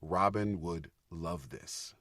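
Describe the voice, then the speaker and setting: Animated man telling lively backstage stories. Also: deep voice, slow, no echo, clean studio sound. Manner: animated, gets loud and laughing when excited. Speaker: guest, Broadway actor. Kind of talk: casual podcast storytelling.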